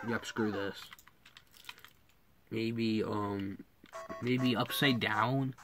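Low-voiced woman griping at a game. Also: fairly even intonation, takes it slowly, pauses often. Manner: frustrated, talks to the game, mutters and repeats herself. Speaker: gaming YouTuber. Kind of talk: casual gameplay commentary. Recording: game music behind the voice.

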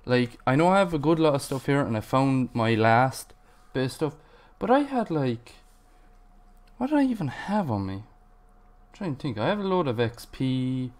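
A man's voice: medium pitch, big pitch swings, normal speed. A man narrating his Minecraft gameplay, frustrated and swearing as he rambles to himself. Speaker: gaming channel host.

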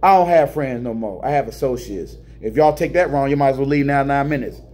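Indoors at a terminal, a middle-aged American truck driver vents in an emotional, preachy vlog monologue. His male voice is darkish and a little fast, with an American English accent, moving between low mutters and high, emphatic bursts.

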